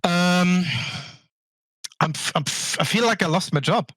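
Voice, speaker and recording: A man's voice: high voice, unhurried, a bit bright, dry recording. A man from Germany, a podcast guest chatting casually, who laughs easily and restarts his sentences. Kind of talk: casual chat.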